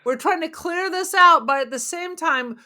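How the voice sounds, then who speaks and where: A woman co-hosting a casual movie podcast, joking with quick asides. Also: very high-pitched, bright, forceful tone. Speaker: podcast co-host.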